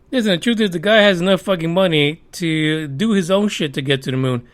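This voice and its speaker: High-voiced man ranting on a podcast. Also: brisk, few pauses. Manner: profane, sarcastic, heated. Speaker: podcast host. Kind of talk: ranting news commentary.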